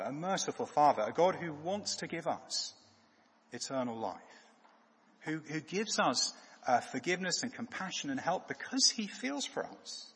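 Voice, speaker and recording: Husky preacher man in a reverberant church. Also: mid-range voice, a bit bright. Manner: halting, with frequent fillers and restarts. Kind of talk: sermon.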